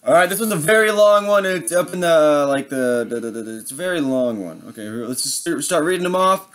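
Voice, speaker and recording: A man's voice: on the high side, expressive, quick pace, a bit bright. A young man hosting a casual video, chatting loosely and a little self-mockingly between countdowns. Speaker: video host.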